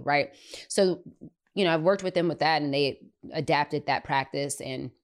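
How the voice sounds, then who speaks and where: A woman hosting a podcast, telling a personal story in a chatty, animated way with lots of filler words. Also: low-pitched. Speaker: podcast host. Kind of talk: casual storytelling.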